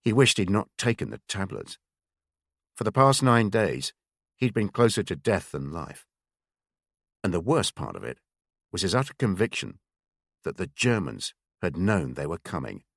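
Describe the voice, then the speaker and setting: Deep-voiced male audiobook narrator. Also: creaky, dry recording, clean studio sound. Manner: measured, expressive storytelling. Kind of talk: scripted narration.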